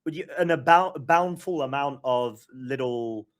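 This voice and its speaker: A man hosting a gaming podcast, talking in a rambling, animated, filler-heavy casual chat. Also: mid-range voice, measured pace. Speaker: podcast host.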